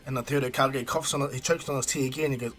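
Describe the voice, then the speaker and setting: A man's voice: medium pitch, steady tone, fast talker, a bit bright. A man casually retelling a fan story as a streamer, rambling with ums and restarts. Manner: rambling, hesitant, many ums.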